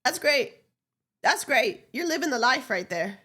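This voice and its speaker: A woman streamer chatting casually to her viewers, her voice stuffy and congested. She rambles, swears and giggles a lot, her pitch a little high and jumping around a lot. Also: sing-song, measured pace, sharp tone. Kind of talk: casual live-stream chat.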